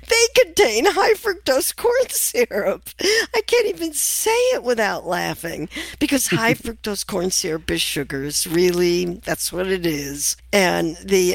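Older woman, low voice, gravelly, wry and amused, interview guest, dry sound. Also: dry recording. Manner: wry, amused, laughs while telling stories. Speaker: author and nutritionist guest. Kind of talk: conversational interview.

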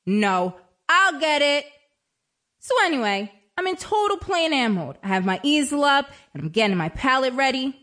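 Chatty woman with a high, lively voice. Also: normal speed. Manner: chatty, wry, conversational. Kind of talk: dramatic storytelling monologue.

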